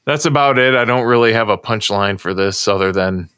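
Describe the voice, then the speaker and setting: A man's voice: fairly low pitch, brisk, fairly bright tone, smooth, dry recording, studio quality. A middle-aged man from the United States, co-hosting a podcast in casual chat and telling a long, rambling story. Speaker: podcast co-host.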